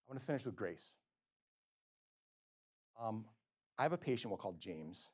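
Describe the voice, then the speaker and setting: A middle-aged male physician giving a lecture, telling stories and acting out quotes with sudden swings between loud and soft. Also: on the low side, big pitch swings, normal speed, slightly rough. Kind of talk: lecture with storytelling. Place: lecture hall.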